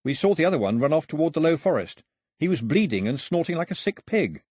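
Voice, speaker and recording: A stubborn island boy who speaks bluntly and angrily challenges the gods, as a man reading a storybook puts him on. The voice is husky and lively in pitch. It is recorded dry and close. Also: fast talker, no echo. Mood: defiant. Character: island boy, lone survivor, stubborn and defiant.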